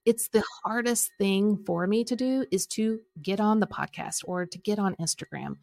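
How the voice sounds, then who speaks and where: A middle-aged woman coaching and telling a personal story in an animated way, acting out quoted lines. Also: mid-range voice, moderate pace, gravelly. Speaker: Enneagram coach and podcast host.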